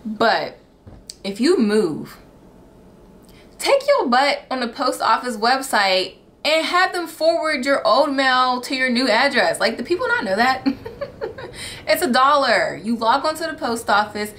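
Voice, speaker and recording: A woman in her thirties from the United States vlogging casually and candidly, laughing often and getting animated when she is exasperated. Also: high voice, a little slow, slight background noise. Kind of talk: casual wedding-planning vlog.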